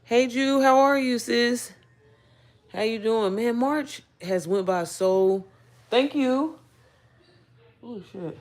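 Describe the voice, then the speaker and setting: A woman's voice: on the high side, slow pace, pauses often. A young woman from Indiana chatting casually on a home livestream, greeting viewers by name and reading their comments aloud. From Indiana, United States. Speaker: livestream host. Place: indoors at home.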